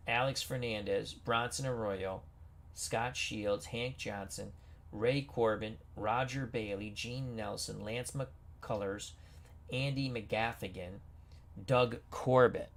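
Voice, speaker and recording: A man's voice: fairly low pitch, fairly even intonation, slow pace, gravelly. A man hosting a gaming video, reading player names off team rosters with casual asides and reactions. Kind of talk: casual game commentary.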